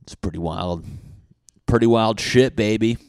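A man hosting a solo comedy podcast, rambling profanely and acting out neighbors in loud mocking voices. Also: on the low side, measured pace, gravelly, no echo, studio quality. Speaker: podcast host. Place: indoors at home.

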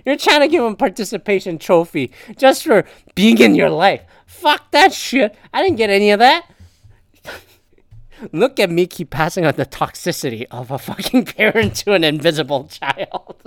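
A woman's voice: mid-range voice, sing-song, moderate pace, no room sound, clean studio sound. A young woman casually reading an article aloud and reacting to it, blunt and profane, often breaking into laughter.

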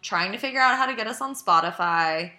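A woman's voice: mid-range voice, lively intonation, a little fast, bright, forceful tone. A young woman in her twenties co-hosting a podcast in casual chat, jokey and giggly. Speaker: podcast co-host. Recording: echoey room.

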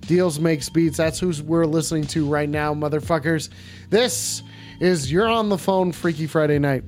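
A man hosting a casual call-in show, excitable and profane, often repeating himself. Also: on the high side, moderate pace, slight background noise. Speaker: host. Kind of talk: casual call-in stream chat. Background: music.

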